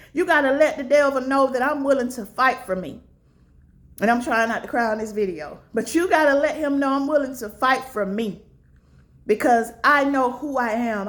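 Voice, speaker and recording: In an earnest, casual, preachy style, a woman who makes motivational vlogs tells her viewers to stand up and fight for themselves, acting out little dialogues with big pitch jumps.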